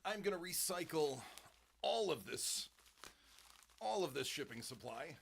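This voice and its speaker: A middle-aged man hosting a live-stream unboxing, chatting casually into a close desk microphone, joking, laughing often and exclaiming in excitement. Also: on the high side, unhurried, creaky, a little hiss or hum.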